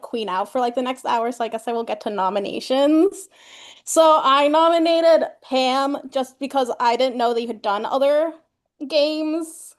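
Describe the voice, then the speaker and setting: Brief: high-voiced, bubbly female contestant, giggly. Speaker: game contestant. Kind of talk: casual game talk.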